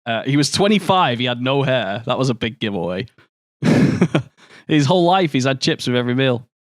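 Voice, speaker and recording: A man's voice: mid-range voice, animated, moderate pace, no echo, studio quality. Sweary young man streaming a game. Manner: sweary, joking banter. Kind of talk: casual gameplay commentary, chatting with viewers.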